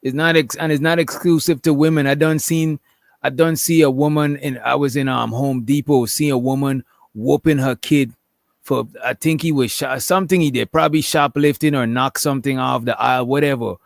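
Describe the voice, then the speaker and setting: Gravelly laid-back man, casual slang. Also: mid-range voice, steady tone, normal speed, no room sound, clean studio sound. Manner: laid-back, slangy, laughs while talking. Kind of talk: casual panel debate.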